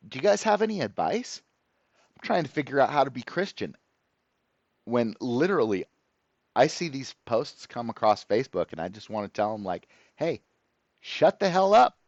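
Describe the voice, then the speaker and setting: Man ranting, swinging pitch wildly. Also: big pitch swings, moderate pace, vocal fry, dry recording, lo-fi sound. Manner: profane, sarcastic, exasperated. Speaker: channel host. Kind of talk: ranting to camera.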